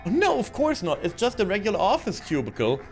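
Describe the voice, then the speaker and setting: A man voicing a loud, cheery male office-bar owner in a video game, with an exaggerated sing-song delivery. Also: sits high, wildly swooping pitch, brisk, faint music behind, voice pushed up, exaggerated voice.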